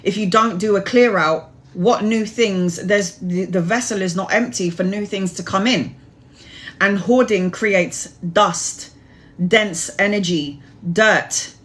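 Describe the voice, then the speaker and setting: A woman's voice: mid-range voice, a bit bright. A woman reading tarot on a live stream, answering chat questions in a rambling, earnest way. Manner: rambling, earnest, advice-giving. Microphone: phone or webcam live stream.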